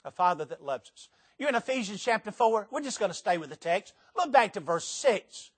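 High-voiced older man preaching emphatically. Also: sing-song, brisk. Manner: emphatic, dramatic swings in pitch and volume. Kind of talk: sermon. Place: church meeting before a live audience.

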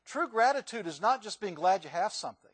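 High-voiced male pastor preaching. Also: big pitch swings, a little fast, fairly bright tone, breathy edge, dry recording. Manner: conversational, asks the congregation questions. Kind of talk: sermon.

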